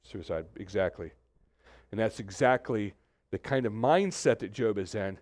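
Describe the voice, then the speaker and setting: A man preaching a conversational sermon as pastor, animated, acting out quoted voices, with many restarts. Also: lowish voice, normal speed, no echo. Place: church suite, indoors.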